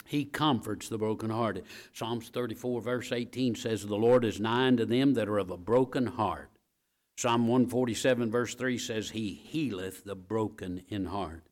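A male preacher delivers a sermon in a homespun, conversational way, tossing quick asides to his listeners. He repeats his key lines, often sinking into a low, quiet hush before climbing into loud, emphatic bursts. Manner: folksy asides to the congregation.

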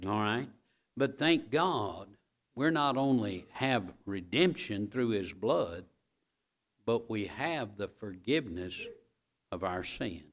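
Man, preacher, sermon, emphatic, repeats phrases, speaks straight to the congregation, mid-pitched. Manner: emphatic, repeats key phrases, builds to loud peaks; talks straight to the congregation with asides like "all right?".

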